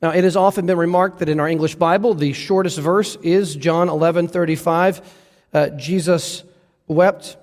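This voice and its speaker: High-voiced man preaching in a reverberant hall. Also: fairly even intonation, darkish tone. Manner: earnest preaching, drops low and slow for emphasis. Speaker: pastor. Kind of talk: sermon.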